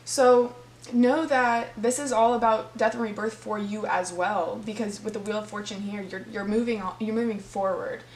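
A woman's voice: medium pitch, fairly even intonation, normal speed. A woman reading tarot cards for her viewers, talking to them directly in a heartfelt, earnest way. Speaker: tarot reader. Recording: echoey room with faint hum.

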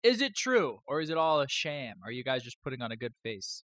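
A man's voice: medium pitch, very animated, brisk, a bit bright, dry recording. A man hosting a live stream, chatting casually in a rambling, joking way with some swearing.

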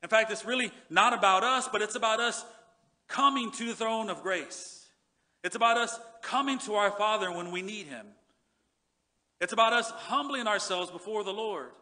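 A male pastor preaching a sermon in earnest, repeating words and dropping low and soft when he reads scripture. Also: moderate pace. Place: church sanctuary.

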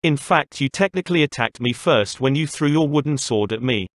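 A man's voice: animated, fairly quick, dry recording, natural voice. Growly proud dragon guy from a storybook, a man reading him, dry close sound. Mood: stern. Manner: growling, rumbling delivery. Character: huge gruff male dragon, stern and proud.

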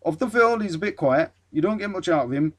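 A man putting on a clumsy northern accent to read a blunt footballer's praise of a teammate, forceful and clipped. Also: high-pitched, expressive, brisk, pitched above the performer's own voice. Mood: insistent. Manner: attempted Geordie accent, clipped dialect grammar, forceful.

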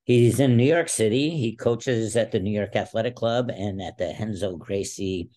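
A man in his sixties, a podcast guest, telling animated stories and acting out quotes. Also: lowish voice, normal speed. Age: 60s. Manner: animated storyteller who acts out quotes. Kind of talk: casual interview storytelling.

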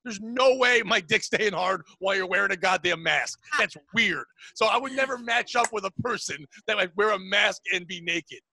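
Gravelly, high, brash man. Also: normal speed, hardly any pauses, no echo. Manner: blunt, crude, deadpan rants. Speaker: comedian guest. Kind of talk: casual comedic banter.

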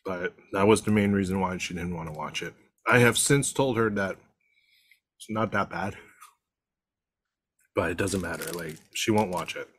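Relaxed low-voiced Canadian man chatting. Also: normal speed, pauses often, slightly rough. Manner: relaxed, chatty, eating while talking. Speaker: podcast co-host. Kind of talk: casual chat.

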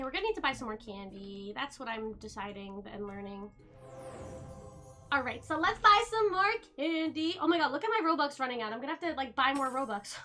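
A woman streamer with a high, bright voice gives casual gameplay commentary, chattering to her viewers and gasping with excitement at each new find. Faint game music runs underneath.

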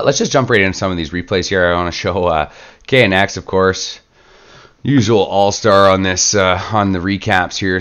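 A man hosting a gaming channel, relaxed and chatty in casual play-by-play commentary, sick and stuffed up. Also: on the low side, smooth, dull audio. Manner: relaxed, chatty, lots of filler words.

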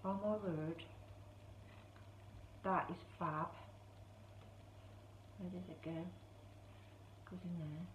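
A woman's voice: on the low side, steady tone, slow, pauses often. A woman chatting casually as she unboxes a parcel on her craft channel, gushing and exclaiming often. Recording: tinny, echoey, noisy room sound.

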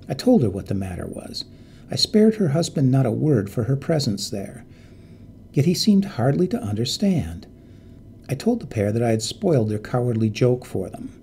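A man narrating a ghost story in an expressive, dramatic reading voice. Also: mid-range voice, a little hiss or hum.

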